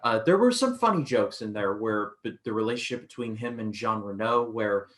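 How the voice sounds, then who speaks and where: A man co-hosts a casual film podcast. His voice sits somewhat low, and he rambles through restarts while retelling scenes. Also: lively intonation, fairly quick. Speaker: co-host and film reviewer. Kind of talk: casual film review chat.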